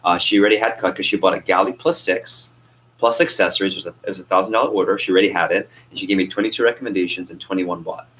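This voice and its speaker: Energetic male sales trainer, low voice. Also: very fast, poor audio. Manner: energetic, asks the group questions and acts out phone calls. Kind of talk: coaching a training class.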